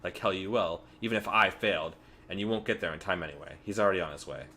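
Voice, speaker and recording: A man quietly reading aloud the lines of a cryptic girl changeling in a game. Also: low voice, quick pace, slight background noise.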